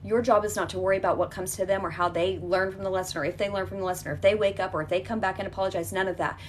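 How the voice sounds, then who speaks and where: A woman's voice: mid-range voice, fairly even intonation, racing, slight background noise. A woman leading a guided healing exercise, talking in an emphatic, repetitive coaching manner that is reassuring and direct.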